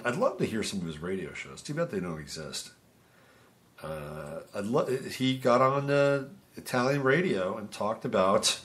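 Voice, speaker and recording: A man hosting a podcast, casually reading through dates and birthdays, rambling and humming to himself between items. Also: on the low side. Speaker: podcast host.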